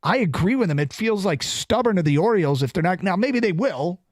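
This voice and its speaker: A man co-hosting a sports radio show, arguing in lively, rhetorical bursts and firing off questions. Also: high voice, fairly quick, no echo, clean studio sound. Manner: animated, rhetorical questions, gets worked up. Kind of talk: sports talk radio banter. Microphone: studio broadcast mic.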